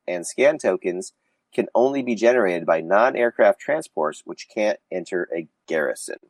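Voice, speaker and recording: Low-voiced man with a cold, dry and sarcastic. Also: darkish tone, dry recording, rough recording. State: has a cold. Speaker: podcast host. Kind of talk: casual podcast chat, reading rules questions.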